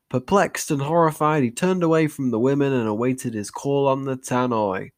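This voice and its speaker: Young man, mid-pitch, theatrical comic reading of his own story, wry asides. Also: normal speed, vocal fry, few pauses. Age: young adult. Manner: theatrical, overwrought delivery, then wry self-mocking asides. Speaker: channel host reading his old story. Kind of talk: mock-dramatic comedic reading.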